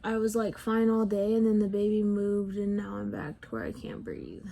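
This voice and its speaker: A young beauty vlogger casually talks through her makeup routine, chatty and joking about herself. Heavily pregnant and audibly short of breath, she sighs often between sentences in a gravelly, medium-pitched voice at a moderate pace, in what sounds like a home recording on a camera in front of her.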